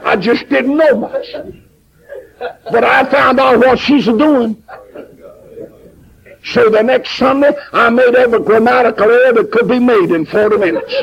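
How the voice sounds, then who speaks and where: A man's voice: very high-pitched, a little slow, creaky, pauses often, lo-fi sound, a crowd in the background. A man, a pastor telling a story in a sermon, folksy and emphatic. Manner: folksy, plain-spoken, emphatic.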